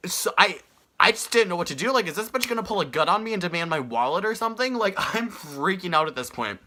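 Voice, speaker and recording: A young man telling a story on his vlog in an animated, exasperated way. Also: high voice, fast talker. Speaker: vlogger.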